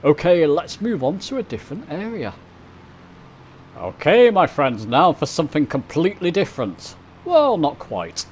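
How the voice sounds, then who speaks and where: A man's voice: on the high side, very animated, normal speed, a little mellow, husky, poor audio. A man from the UK casually commenting on his flight simulator as he flies, chatting to viewers as he goes. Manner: chatty, talks to viewers while flying. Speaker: flight sim video host. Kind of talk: casual commentary over gameplay.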